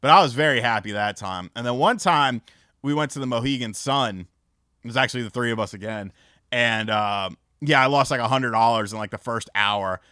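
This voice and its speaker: A man's voice: medium pitch, a little fast, bright, forceful tone, no room sound. A man hosting a casual livestream, chatting with viewers and telling rambling, profane stories full of fillers on a close mic. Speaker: livestream host. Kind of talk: casual stream chat and storytelling.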